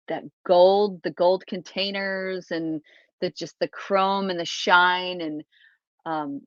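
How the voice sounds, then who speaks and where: A woman's voice: on the low side, dry recording, dull audio. A woman hosting a casual livestream chat from a small closet, rambling with lots of fillers and restarts. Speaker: livestream host.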